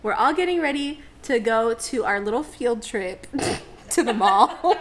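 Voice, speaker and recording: A young woman chats in a bubbly, slangy way, laughing as she tells a story. Her voice sits a little high. A faint hum of background noise runs under her talk. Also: very animated, slow, fairly bright tone. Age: young adult. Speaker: podcast co-host. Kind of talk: casual chat.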